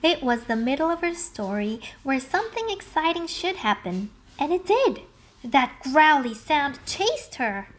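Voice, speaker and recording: Female storybook reader, high and expressive, for children's read-alouds. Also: measured pace.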